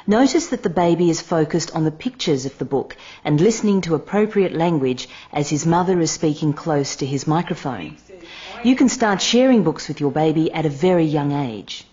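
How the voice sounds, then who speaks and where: A woman giving calm, measured scripted narration for a parenting lesson. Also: deep voice, husky, dull audio.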